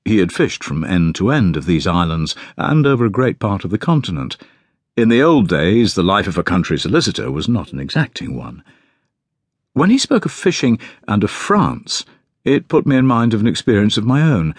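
A man giving unhurried, measured first-person narration of an audiobook. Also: on the low side, very animated, slightly rough, no room sound, studio quality.

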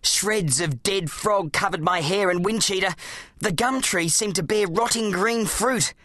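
An audiobook narrator, telling a children's adventure story in an animated, dramatic way. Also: mid-range voice, measured pace, no room sound, studio quality. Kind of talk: scripted narration of a children's book.

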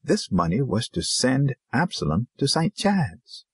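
A man's voice: medium pitch, wildly swooping pitch, unhurried, breathy edge, no echo, clean studio sound, pitched above the performer's own voice, heavily acted. A man voicing a troubled older Zulu village pastor in an audiobook, grave and at times harsh. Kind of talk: audiobook character reading.

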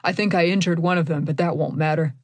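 A woman's voice: sits low, no room sound. A furious, bloodied priest who swears and barks out urgent demands, as a woman narrator voices him. The voice sounds dry and close, with no room sound behind it. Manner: shouting, cursing, hurried.

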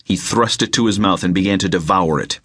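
A man reading an unabridged novel aloud, with measured, dramatic storytelling into a close mic. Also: low-pitched, fairly bright tone, breathy edge, no echo. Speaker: audiobook narrator. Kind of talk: scripted narration.

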